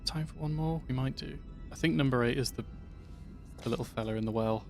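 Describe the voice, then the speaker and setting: A man streaming a video game from his flat, making puns and chatting with viewers. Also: mid-range voice, fairly quick, creaky. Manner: jokey, punning, chatty with viewers. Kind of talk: live gameplay commentary. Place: home flat. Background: music.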